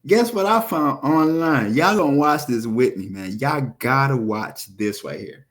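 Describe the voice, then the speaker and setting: A man giving casual scripture commentary to his viewers, animated and rambling, talking straight to them. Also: mid-range voice, measured pace. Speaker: religious video preacher.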